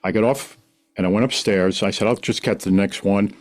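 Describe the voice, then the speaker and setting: A middle-aged man, a podcast guest, telling a long personal story in an animated, rambling way full of restarts. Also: fairly low pitch, fairly quick. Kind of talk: casual storytelling.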